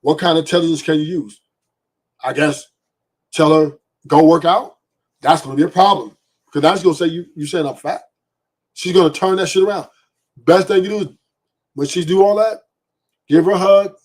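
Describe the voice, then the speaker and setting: Podcast host, male, husky, a bit high; blunt and profane, peppers his points with "right?". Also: brisk, long pauses. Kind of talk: opinionated podcast monologue.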